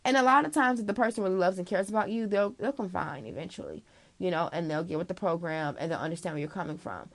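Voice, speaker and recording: A woman's voice: on the low side, expressive, fast talker. A woman giving frank, casual advice straight to the listener, calling them girl, swearing freely and filling her talk with okay and you know. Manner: chatty, full of fillers like okay and you know. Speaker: vlogger giving life advice.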